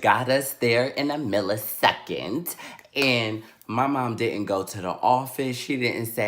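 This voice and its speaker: A man in his twenties telling a story-time vlog with sassy, animated delivery. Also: medium pitch, slow pace. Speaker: vlogger.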